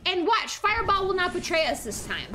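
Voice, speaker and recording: A woman streaming a card game, reacting excitedly, swearing and talking to her chat. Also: very high voice, brisk, over loud music. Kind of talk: live gameplay commentary.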